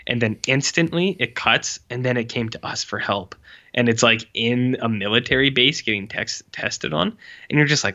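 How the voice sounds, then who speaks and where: A man talks in a rambling, sarcastic, offhand way, full of "like", in casual podcast chat. His voice sounds bright and forceful. The recording is dull and lo-fi. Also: medium pitch, normal speed. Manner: rambling, sarcastic, heavy use of "like". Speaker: podcast co-host reviewing short films.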